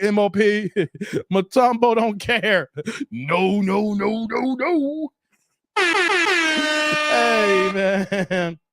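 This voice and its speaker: A man reacting to clips on his livestream, cracking jokes and laughing as he goes. His voice is high for a man and close to the mic, with a dry, dead room sound and no echo. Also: a bit bright. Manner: laughing, joking, repeating "hey, man". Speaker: streamer reacting to dating show clips.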